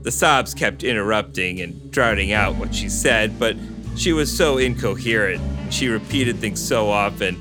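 A man's voice: lowish voice, moderate pace, music in the background. A man co-hosting a podcast, reading a novel aloud and cracking dry jokes. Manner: animated, dryly joking. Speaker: podcast co-host.

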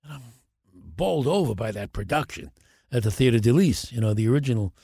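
Older male actor guest, animated raconteur, plays every part in his anecdotes, mid-pitched voice, dry close sound. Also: brisk, vocal fry, slightly rough, no room sound. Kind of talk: podcast interview storytelling.

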